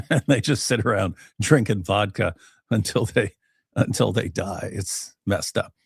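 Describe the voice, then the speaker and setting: A man with a low, gravelly voice rambles through loose, joking livestream chat, and he often laughs at his own lines. His voice is recorded close and dry, with no room sound. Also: a little slow, no room sound. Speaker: co-host.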